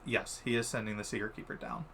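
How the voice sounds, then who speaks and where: A man narrating as game master of a tabletop game, unhurried and hesitant, with many fillers. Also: lowish voice, steady tone, vocal fry, pushed and bright, slight background noise.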